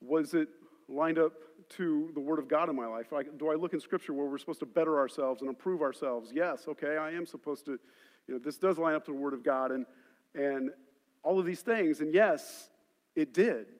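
A man preaching from the pulpit, his fairly high voice ringing out in a church hall with a long, trailing reverb. He tells stories from his own ministry, pushing hard on key points and then dropping into quiet, confiding asides. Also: moderate pace. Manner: storytelling, swings between loud emphasis and quiet asides. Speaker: pastor. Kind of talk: sermon.

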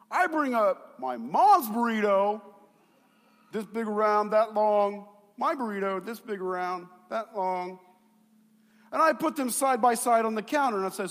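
A middle-aged male pastor preaching a sermon, telling a personal story in an animated way, with quiet asides that build to shouts. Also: sits high, unhurried, pauses often. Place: church sanctuary. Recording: long hall reverb.

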